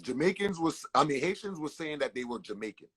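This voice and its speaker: A man's voice: on the high side, expressive, a little fast, a bit bright, husky, rough recording. A man from the Caribbean, an interview guest telling stories casually and emphatically, stumbling over and repeating his words.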